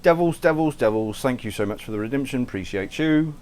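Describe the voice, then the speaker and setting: This cooking livestream host has a medium-pitched, animated, brisk voice that's a little mellow. Casually chatting as he cooks, he thanks viewers by name, swears lightly, keeps cutting off his own sentences, and stays in an unnamed put-on accent the whole stream.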